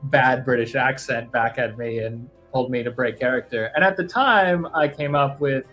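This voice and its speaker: A man's voice: medium pitch, moderate pace, fairly bright tone. Livestream co-host guy, mid voice, chatty and self-deprecating, faint music under it. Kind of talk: casual livestream chat.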